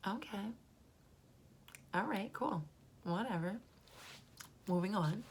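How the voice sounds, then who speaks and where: A woman's voice: on the low side, unhurried, long pauses, darkish tone, slight background noise. A woman giving a casual, chatty recap of a reality TV episode, gossipy and prone to whispered asides.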